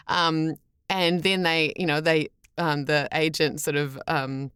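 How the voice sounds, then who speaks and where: A young woman voice actor tells an animated anecdote in a podcast interview. She talks in a somewhat low voice, tripping over fillers and restarting lines. The sound is dry and close. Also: unhurried, smooth, no echo. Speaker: voice actor guest.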